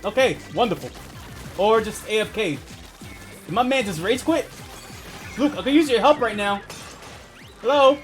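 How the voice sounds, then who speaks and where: Animated high-voiced man streaming a game. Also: moderate pace, long pauses, faint music behind. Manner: profane, rambling, laughs often. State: asthmatic. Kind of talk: casual gaming stream chat.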